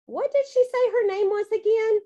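A woman's voice: extremely high pitch, normal speed, mellow, dull audio, pitched above the performer's own voice. Woman doing a snippy costumed girl. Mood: dismissive. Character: snippy young girl dressed as a fairy.

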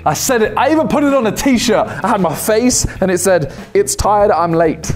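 A young man reacts to fan posts in a casual, teasing way. His voice sits a little high and swings widely in pitch. Faint music plays behind him. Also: brisk. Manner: teasing, animated, self-mocking.

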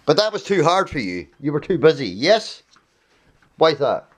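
A man's voice: a little high, very animated, moderate pace. A man angrily confronting his advocate, swearing and hammering the same accusing questions. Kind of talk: heated confrontation.

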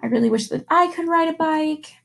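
A woman's voice: high-pitched, a little fast, creaky, a little hiss or hum. A young woman teacher reading a picture book aloud to children and asking them questions along the way. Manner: animated storytelling with questions to young listeners.

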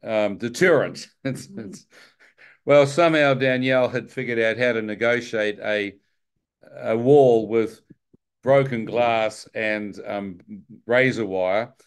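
A man telling his own story with lively, self-mocking humour, breaking into chuckles as he goes. His voice sits at an ordinary middle pitch. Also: takes it slowly, clean tone. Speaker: testimony speaker. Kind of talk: personal testimony storytelling.

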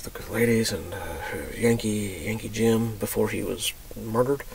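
A low, gravelly man from Texas talks in a rambling personal monologue, swearing freely. He swings between loud, emotional bursts and hushed whispers, with faint hiss behind him. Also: steady tone, normal speed, poor audio. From Texas, USA. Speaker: vlogger.

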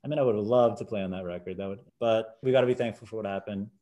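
A man in his forties, a podcast guest telling casual stories and acting out the people in them with jumps in his voice. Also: racing. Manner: animated, acts out quoted voices with big pitch jumps. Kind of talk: casual storytelling.

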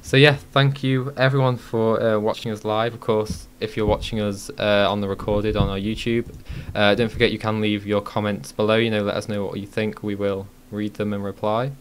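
A man's voice: fairly low pitch, level tone, moderate pace, hardly any pauses, a little hiss or hum. A man hosting a casual live-streamed podcast, talking with many ums and restarts. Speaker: podcast host.

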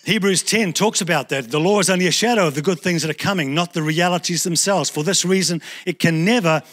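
Male pastor, New Zealand accent, higher voice, chatty lively sermon delivery. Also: fast. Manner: conversational, animated preaching with acted asides.

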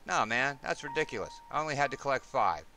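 A man's voice: medium pitch, expressive, fast talker, pushed and bright, faint music behind. A man reading the lines of a laid-back, joking male cop from Boston in a video game.

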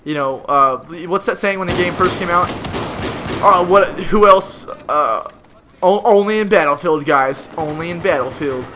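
A young man commenting on his own gameplay in an exasperated, frustrated rant with sudden loud outbursts, talking into a gaming headset at home. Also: high-pitched, measured pace, noisy background. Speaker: gamer.

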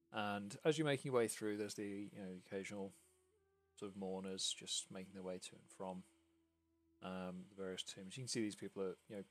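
A man's voice: fairly low pitch, fairly bright tone. A man narrating a tabletop game as game master, describing scenes with many fillers.

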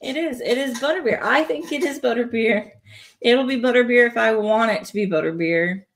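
A woman's voice: on the high side, moderate pace. A woman chatting playfully on a live stream from home, laughing between remarks as she builds a toy set. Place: home, indoors.

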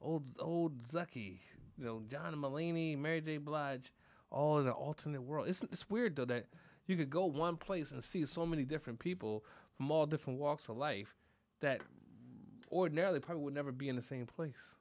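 A man hosting a podcast in casual chat, telling animated stories full of cursing and laughter. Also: fairly high pitch, moderate pace. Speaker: podcast host.

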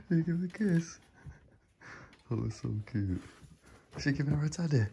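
A woman filming her dog and baby at home, talking in soft cooing baby talk and frequent whispers. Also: low-pitched, sing-song, normal speed, noisy background. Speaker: dog owner and new mother filming at home. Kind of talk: casual home video commentary. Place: home room.

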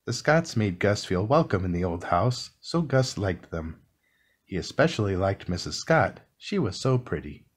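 Low-voiced man reading a bedtime story. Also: husky. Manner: slow, soothing, expressive reading. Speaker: storybook reader. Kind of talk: calm bedtime read-aloud.

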